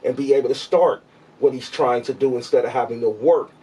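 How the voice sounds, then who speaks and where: Casting: podcast host, husky man, relaxed but argumentative, mic set back. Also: mid-range voice, distant mic. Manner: laid-back, swearing, argues in quick bursts. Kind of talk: casual debate chat.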